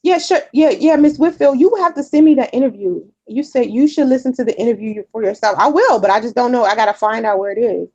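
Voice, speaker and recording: A woman's voice: on the high side, fast, few pauses, darkish tone, lo-fi sound. A woman vlogger chatting candidly with her viewers, rambling with many fillers and repeats. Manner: chatty and candid, often swears. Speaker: vlogger answering viewer comments. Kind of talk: casual chat.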